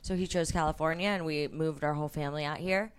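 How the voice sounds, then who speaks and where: Low, smooth-voiced woman interview guest. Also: fast talker. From Tennessee, United States. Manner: bubbly, excitable. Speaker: guest blogger.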